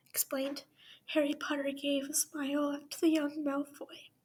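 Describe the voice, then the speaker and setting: A woman's voice: high-pitched, little pitch movement, moderate pace, darkish tone. A woman reading fan fiction aloud, with emotional whispered asides and sighs. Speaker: fanfiction reader.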